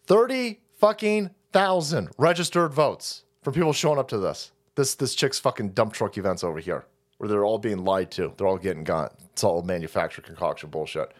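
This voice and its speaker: A man's voice: on the low side, expressive, normal speed. A man hosting a political livestream, ranting in a heated, profane way. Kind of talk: ranting political commentary stream.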